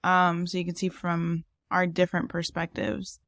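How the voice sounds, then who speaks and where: Speaking at normal speed with a fairly low, slightly bright voice and a completely flat delivery, this woman co-hosts a podcast in a dry, studio-quality recording. She's lived in San Antonio, Texas, and talks a lot in casual chat, with frequent laughter and many fillers.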